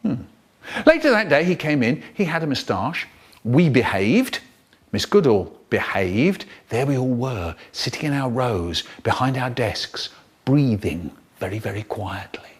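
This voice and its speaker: A man telling a school story to children in an animated, theatrical way. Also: a little slow, slightly rough. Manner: animated, theatrical storytelling with sudden jumps in pitch. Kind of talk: storytelling for children, cut up in a remix.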